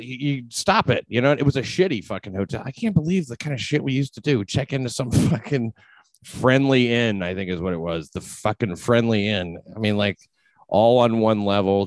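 A man with a very low voice chats casually on a podcast, rambling and swearing freely as he restarts his sentences. The sound is close and dry. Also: no room sound. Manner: rambling, profane, many restarts. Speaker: podcast host. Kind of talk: casual chat.

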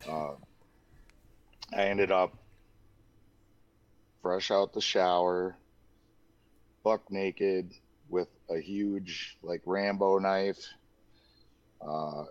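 A man's voice: low-pitched, dry recording. A man in his thirties telling his own story in a loose, candid way, full of "like" and "dude". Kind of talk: casual personal storytelling. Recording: dull lo-fi dry recording.

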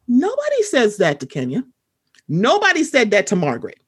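On a podcast, a woman chats casually in a fairly high, slightly husky voice. She tells stories fast and animatedly with big pitch swings, putting on other people's voices whenever she quotes them.

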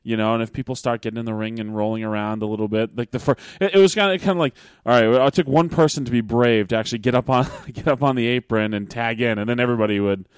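A man's voice: mid-range voice, steady tone, fast, few pauses, clean tone, no room sound, clean studio sound. Rambling man in casual chat. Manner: rambling, lots of fillers and restarts. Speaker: podcast host, wrestler.

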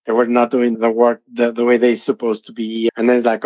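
A man's voice: medium pitch, steady tone, quick pace, hardly any pauses, a little mellow, dry recording. A middle-aged man, earnestly telling his personal testimony as an interview guest. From Mexico. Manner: earnest, emotional storytelling. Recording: dull lo-fi audio.

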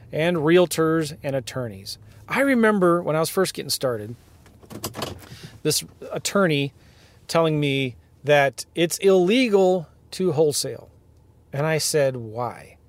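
Animated man ranting in a car. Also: fairly high pitch. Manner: animated, firing rhetorical questions. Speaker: podcast host, real estate investing coach. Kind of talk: ranting monologue.

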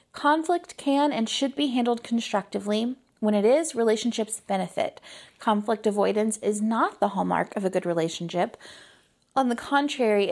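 A woman's voice: fairly high pitch, creaky. Earnest, chatty woman podcast host. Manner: earnest, conversational, lots of "like" and "right?". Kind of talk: solo podcast talk.

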